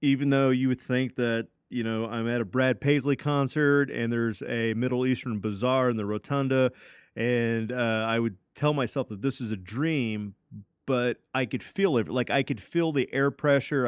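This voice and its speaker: This man, a podcast co-host, has a clear, resonant mid-range voice captured in a dry, studio-quality recording. He rambles through a long, casual story, cursing often and leaning on "uh" and "like," with plenty of fillers and restarts.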